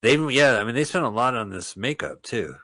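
A man's voice: medium pitch, expressive, brisk, sharp tone. A man co-hosting a podcast, making casual wisecracks and goofy bits about a bad movie. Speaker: podcast co-host. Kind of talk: casual movie-riff chat.

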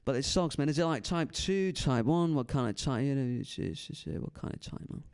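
A man's voice: medium pitch, expressive, fairly quick, a little mellow, clear, resonant tone. A man in his twenties doing stand-up crowd work on a club stage, with a laid-back, rambling drawl that trails off and keeps tacking on "man". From San Francisco Bay Area. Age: 20s.

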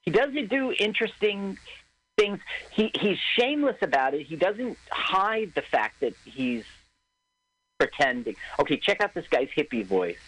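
A man's voice: high voice, big pitch swings, measured pace, a bit bright, breathy edge, rough recording. A man hosting a radio talk show, chatting casually about a movie with frequent stammered restarts. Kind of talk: casual chat.

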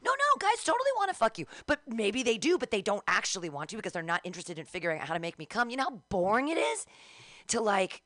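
A woman's voice: mid-range voice, lively intonation, quick pace, fairly bright tone, no echo. Profane ranting woman, dry close sound. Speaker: podcast co-host. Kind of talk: frank casual chat.

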